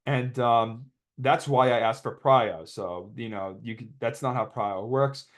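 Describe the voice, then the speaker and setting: A man's voice: medium pitch, a little slow. A young man casually commentating over his card game replays, rambling and joking as he retells a dispute. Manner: rambling, joking, quotes others in put-on voices.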